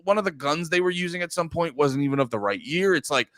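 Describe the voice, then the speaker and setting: Young male podcast co-host, expressive and bouncy pitch, dry close sound. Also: fast, no room sound. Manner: animated, excitable, swears casually. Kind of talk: casual film chat.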